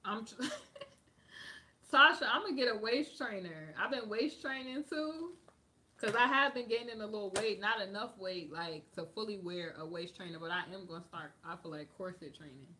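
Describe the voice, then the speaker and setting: Bright-voiced woman chatting casually. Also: medium pitch, expressive, normal speed, a little hiss or hum. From United States. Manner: chatty, lots of "like" fillers, drifts between topics. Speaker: livestream host answering viewer comments. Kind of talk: casual chat.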